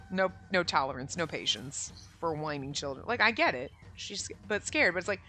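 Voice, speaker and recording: A woman's voice: fairly low pitch, lively intonation, brisk, hardly any pauses, sharp tone. A young woman giving sarcastic, exasperated commentary with frequent swearing while playing and reading a visual novel aloud. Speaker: gaming streamer. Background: faint game music.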